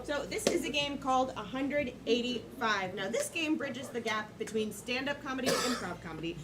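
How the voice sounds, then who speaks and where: Upbeat woman host, high voice, live club with loud crowd noise. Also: animated, moderate pace. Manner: upbeat, joking with the audience. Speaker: improv show host. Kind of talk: live improv hosting. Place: comedy club stage.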